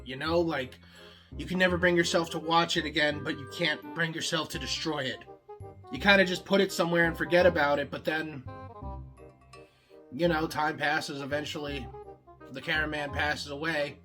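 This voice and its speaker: A young man pitching show ideas in a casual comedic monologue, rambling and swearing freely, full of filler words. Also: sharp tone. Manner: acts out the other characters' lines in quick bursts.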